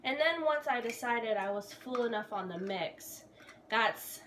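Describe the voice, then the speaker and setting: Here a young Georgia-born vlogger rambles cheerfully and self-mockingly as she bakes, with no trace of a Southern accent. She sits on the high side, her intonation lively, her pace measured. The recording is very noisy.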